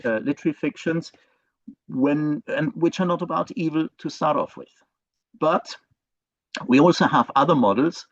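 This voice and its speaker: A male professor gives an online lecture in a halting way, stopping often on fillers and restarting his phrases. The sound is dull and lo-fi, and the room is dry and close. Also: medium pitch, dry recording. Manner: hesitant, many fillers and restarts.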